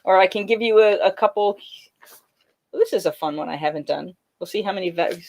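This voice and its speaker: A woman's voice: medium pitch, fairly quick, darkish tone. A woman and renaissance faire singer, singing bawdy folk songs and chatting with viewers on a livestream, reading out their comments between songs.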